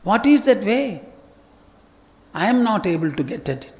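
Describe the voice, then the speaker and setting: A man's voice: sits high, very animated, moderate pace, gravelly, a little mellow, exaggerated voice. An elderly man voicing an anxious young warrior prince who presses his teacher with troubled questions. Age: older. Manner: pleading, questioning. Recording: long hall reverb.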